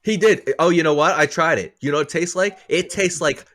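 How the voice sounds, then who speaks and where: A man's voice: a little high, brisk, fairly bright tone. A man in his thirties on a casual podcast, laughing often, swearing freely and acting out family members in his stories. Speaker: podcast co-host. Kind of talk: casual chat.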